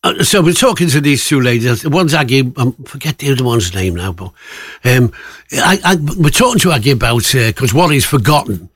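A man's voice: medium pitch, expressive, fairly quick, fairly bright tone, breathy edge, no room sound. A man presenting a radio show in casual, joking chat, rambling and laughing often.

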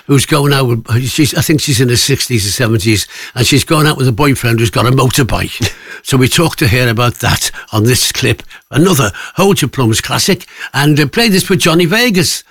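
A man's voice: medium pitch, animated, moderate pace, fairly bright tone, breathy edge, dry recording, studio quality. A man presenting a radio show in a rambling, jokey way, full of fillers and restarts. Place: radio studio.

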